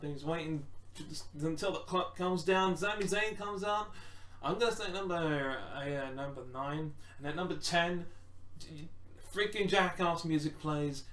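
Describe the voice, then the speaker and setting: A man's voice: fairly high pitch, moderate pace, fairly bright tone. A man rambling casually through wrestling predictions, full of restarts and acted-out quotes. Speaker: wrestling fan predicting matches. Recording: roomy echo, distant from mic.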